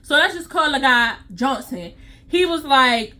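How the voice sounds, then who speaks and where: Sassy, high-voiced woman storyteller. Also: animated, unhurried, bright, forceful tone. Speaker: CPR instructor. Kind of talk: storytime vlog.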